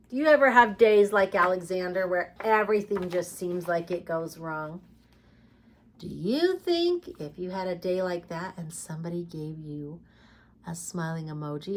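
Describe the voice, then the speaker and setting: A woman reading a picture book aloud and leading a preschool lesson with songs, speaking slowly and encouragingly to small children. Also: fairly low pitch, slight background noise. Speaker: preschool teacher.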